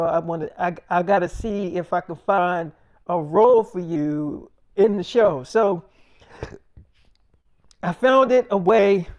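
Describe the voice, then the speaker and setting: A man's voice: sits high, darkish tone. A man telling a rambling, casual story, acting out what others said in quotes, with many restarts and fillers. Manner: acts out other people's lines in quotes.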